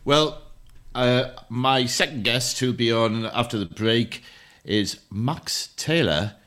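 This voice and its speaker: A man's voice: medium pitch, takes it slowly, fairly bright tone. A man hosting a radio football show, chatty and teasing, now and then stumbling over words.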